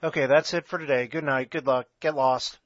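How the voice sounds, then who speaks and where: A man hosting a podcast, reading a short story aloud with a wry, deadpan humor, in a dull lo-fi recording. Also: mid-range voice, fairly quick, dry recording.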